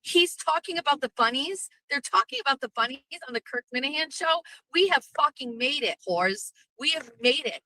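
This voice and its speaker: A middle-aged woman hosting a podcast, ranting brashly with lots of swearing and animated storytelling. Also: high voice, moderate pace, hardly any pauses, no echo, low-quality recording. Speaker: podcast host. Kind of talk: profane livestream rant.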